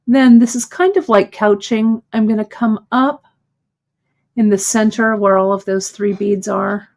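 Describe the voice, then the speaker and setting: A woman's voice: mid-range voice, steady tone, measured pace, a little mellow. A woman hosting a live craft lesson, explaining each step patiently and checking in often with the viewers. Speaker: host demonstrating bead embroidery.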